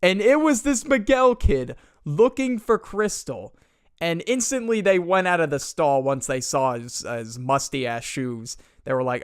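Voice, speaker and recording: A man's voice: fairly high pitch, expressive, a little slow, smooth, no room sound, studio quality. A young man narrating a comedic story in casual slang, exasperated and mocking. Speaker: storytime commentator.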